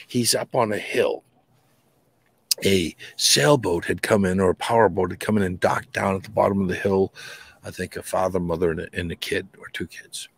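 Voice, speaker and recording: A middle-aged man from New England, a guest telling a paranormal encounter story in a colloquial, swearing, animated way. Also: low-pitched, dry recording. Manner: colloquial, swears casually, restarts often. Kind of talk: animated storytelling in a podcast interview.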